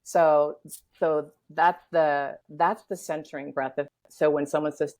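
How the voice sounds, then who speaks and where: A woman with a low voice guides listeners through a breathing exercise with calm, slow instruction. She then explains breathwork on a podcast. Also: creaky, low-quality recording. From United States. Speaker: breathwork facilitator guest.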